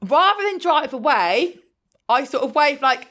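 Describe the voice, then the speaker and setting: A woman's voice: sits high, measured pace. A woman co-hosting a podcast, telling stories in a casual chat, swearing freely and acting out quotes. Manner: storytelling, swears freely, lively acted-out quotes. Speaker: podcast co-host.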